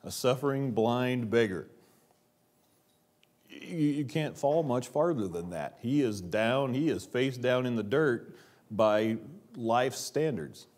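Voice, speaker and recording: A man of ordinary pitch preaches a church sermon. He leans on rhetorical questions, swings between louder stretches and hushed ones, and slows down to press a point home. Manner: preaching with rhetorical questions, dropping to quiet emphasis. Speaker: pastor. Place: church sanctuary.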